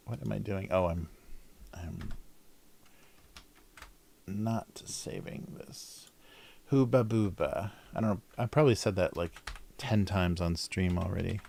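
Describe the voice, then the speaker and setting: A man's voice: low-pitched, creaky, a little mellow, slight background noise. A middle-aged man chatting casually on a livestream while drawing, rambling, cutting himself off and laughing often. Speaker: cartoonist livestreamer.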